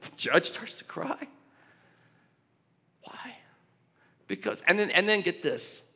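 A man's voice: sits high, big pitch swings, slow, pushed and bright, breathy edge, in a whisper. A man preaching a sermon in a church, talking in a loose conversational way with restarts and asides. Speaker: pastor. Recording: long echo of a large hall.

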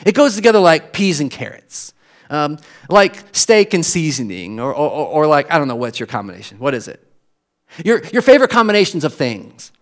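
Animated American pastor preaching. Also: male voice, on the high side, normal speed. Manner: animated storytelling, repeats words when building a point. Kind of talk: sermon.

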